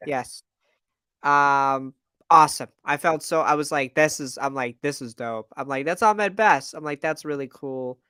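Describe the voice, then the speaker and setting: A man's voice: mid-range voice, fairly even intonation, moderate pace, pushed and bright, smooth, dry recording, studio quality. A man co-hosting a fan podcast in casual, enthusiastic chat with many fillers. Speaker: podcast co-host.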